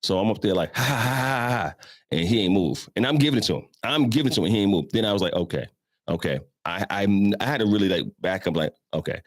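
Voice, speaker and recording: Speaking very fast with few pauses, a fifties-aged male host tells chatty stories in a fairly low voice with lively intonation. His casual monologue speaks straight to listeners, calls them "y'all" and acts out voices. The recording is studio quality with no echo.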